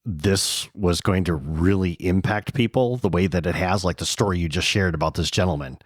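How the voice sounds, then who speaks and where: A male podcast host with a very deep voice asks long questions in a casual interview. He encourages his guest with short affirmations. The recording is dry and close. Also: moderate pace, husky, no echo.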